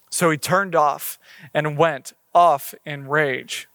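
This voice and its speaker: A man's voice: a little high, fairly even intonation, slow pace, fairly bright tone, no echo, clean studio sound. A man preaching a sermon in a conversational way, reading scripture aloud and explaining it. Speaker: pastor.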